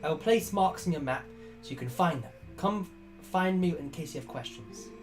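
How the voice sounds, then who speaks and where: A prim, eager male scholar from a video game speaks in a put-on British accent, as a woman reads him aloud. The voice sits low and moves with a lively, swooping melody. Game music plays faintly behind. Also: normal speed. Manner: theatrical, formal phrasing. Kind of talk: reading game dialogue aloud.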